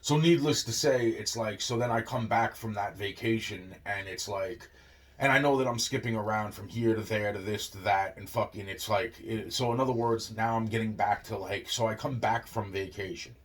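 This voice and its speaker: A man's voice: lowish voice, fairly even intonation, normal speed. A young man telling a long rambling story, swearing constantly and looping on filler phrases. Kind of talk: rambling monologue.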